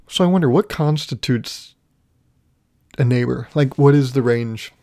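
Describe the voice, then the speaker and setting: Young man with a gravelly, creaky voice. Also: medium pitch, expressive, moderate pace, a little mellow. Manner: rambling, self-deprecating storytelling with frequent laughs. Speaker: podcast host. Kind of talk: comedic solo podcast monologue.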